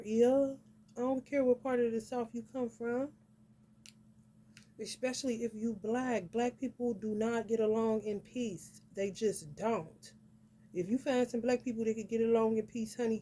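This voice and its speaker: A woman's voice: a little high, mellow, a little hiss or hum. A woman giving a casual astrology vlog reading, blunt and profane, peppering her talk with "honey". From northern United States. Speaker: astrology reader. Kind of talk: casual spiritual vlog rant.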